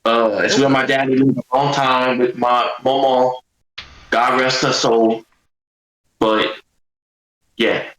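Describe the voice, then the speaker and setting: A man's voice: mid-range voice, flat delivery, slow pace, pauses often, a bit bright, echoey room, a little hiss or hum, poor audio. A man, a wrestler guest chatting casually with joking, folksy slang. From Louisiana. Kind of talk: casual chat.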